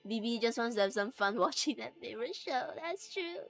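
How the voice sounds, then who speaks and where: A woman's voice: fairly high pitch, expressive, a little fast, vocal fry, soft background music. A woman streamer and game master chatting casually while she sews, laughing often and trailing off into restarts.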